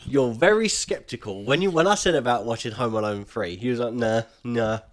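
A man's voice: mid-range voice, expressive, brisk. Rambling man co-hosting a podcast. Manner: rambling, many ums and restarts. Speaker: podcast co-host. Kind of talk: casual chat.

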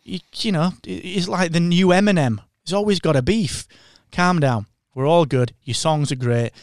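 A man's voice: fairly high pitch, moderate pace, no echo, studio quality. A man co-hosting a podcast in casual chat, sarcastic and mocking, breaking into impressions. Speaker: podcast co-host.

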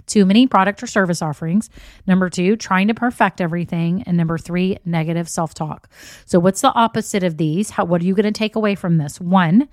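Lady coaching biz owners on her podcast, chatty and upbeat, mid-pitch, dry close mic. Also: no echo. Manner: chatty, encouraging, says "y'all" and "okay?" often. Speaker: podcast host and business coach. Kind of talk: casual solo podcast.

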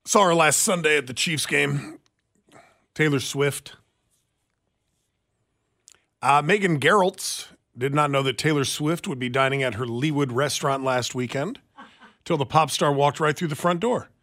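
A man's voice: on the high side, unhurried, long pauses, pushed and bright. A man co-hosting a talk radio show, chatting casually and opinionatedly, often stumbling over restarts.

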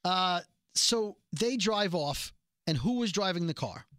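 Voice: mid-range voice, a little slow, no echo, clean studio sound. A podcast co-host giving a casual, sarcastic recap of a TV episode, acting out the characters' lines as they go. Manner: sarcastic, animated retelling of scenes.

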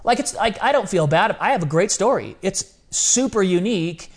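A man in his thirties, a guest telling a personal story in casual chat, animated and full of slang. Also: high-pitched, moderate pace. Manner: animated, casual slang, acts out quoted voices.

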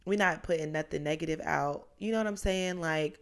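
Woman in her twenties, lower voice, hosting a podcast alone, loose and chatty with tangents. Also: fairly quick. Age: 20s. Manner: chatty, rambling, goes off on tangents. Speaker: podcast host. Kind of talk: casual solo podcast monologue.

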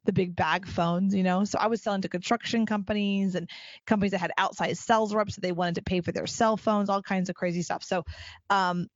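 A woman's voice: mid-range voice, a little fast, no echo, lo-fi sound. A middle-aged woman hosting a solo podcast, talking energetically and acting out quoted conversations. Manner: energetic, emphatic, acts out quoted dialogue. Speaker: podcast host.

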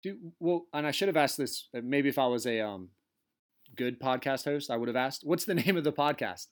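A man's voice: medium pitch, animated, fairly quick. A man hosting a podcast, chatting casually and eagerly, swearing often and saying "dude" and "like.". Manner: enthusiastic, swears a lot, says dude and like. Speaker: podcast host. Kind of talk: casual conversation.

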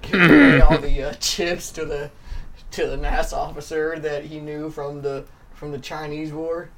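A man playing a meek, slow-witted young man who rambles haltingly in an improvised role-play. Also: a little high, steady tone, fairly bright tone.

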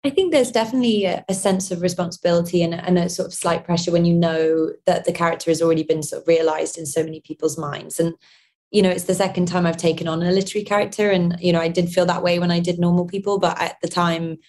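A young actress with a London accent answers interview questions in a relaxed, unscripted way. She restarts her sentences often and breaks into soft laughs. Her voice is a touch lower than average. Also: quick pace. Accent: London English. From London, England.

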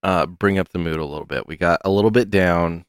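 Laid-back podcast dude, super low voice, dry close sound. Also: male voice, fairly quick, smooth, no echo. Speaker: podcast co-host. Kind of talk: casual chat.

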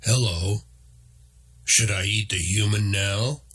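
A man voicing a huge, hungry male black bear who speaks in short, flat, declarative sentences in a deep voice. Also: slow, husky, exaggerated voice. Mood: blunt.

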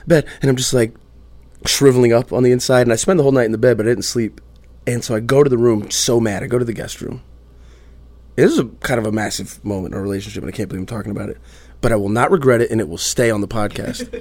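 Podcast host, male, thirties, candid animated storyteller, dry close mic. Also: medium pitch, dry recording. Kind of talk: casual podcast conversation.

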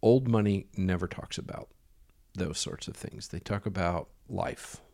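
A man recounts a personal story in a loose, meandering way, dropping in ums and quoted lines of dialogue. His voice sits low and has a gravelly, creaky texture. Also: a little slow, a little mellow. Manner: rambling, filler-heavy storytelling with quoted dialogue. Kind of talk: casual anecdote.

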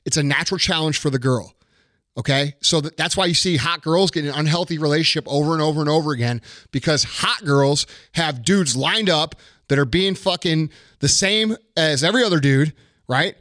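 A man's voice: on the high side, brisk, fairly bright tone, no room sound, clean studio sound. A man giving blunt dating advice in casual podcast chat, profane and emphatic.

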